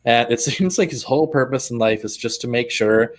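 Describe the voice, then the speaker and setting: A man co-hosts a relaxed conversation with a mid-range voice. He thinks aloud, uses plenty of fillers, and breaks into light giggles as he talks. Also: medium pitch, fairly quick. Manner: giggly, thoughtful, many fillers. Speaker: podcast co-host. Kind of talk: casual chat.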